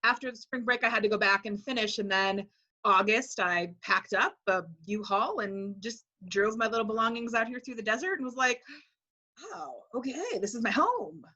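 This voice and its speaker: A woman in her forties from Wisconsin, a high school teacher telling her story as an interview guest, animating quotes in a chatty way. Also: moderate pace, dull audio. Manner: animated, acts out quoted speech with "like".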